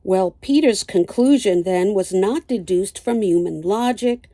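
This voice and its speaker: An older woman teaching a Bible lesson, reading slowly and deliberately and citing chapter and verse. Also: medium pitch, dark tone, no echo.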